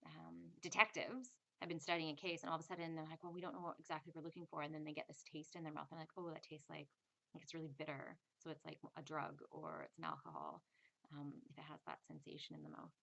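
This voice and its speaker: Woman, spiritual teacher, casual chatty talk, low-set voice, bright gravelly tone. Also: fast. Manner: chatty, acts out inner voices in quotes.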